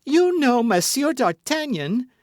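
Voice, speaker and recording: A man's voice: high-pitched, big pitch swings, a little slow, no room sound, studio quality, voice pushed up, exaggerated voice. A man voicing an earnest, jealous young woman who speaks eagerly and pleads. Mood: suspicious.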